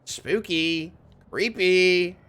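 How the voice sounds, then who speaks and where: A man's voice: sits high, steady tone, extremely slow, fairly bright tone, clean tone. A man live-streaming a game, chatting casually with viewers in a rambling way, laughing often and swearing mildly, on a studio microphone. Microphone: diaphragm studio microphone.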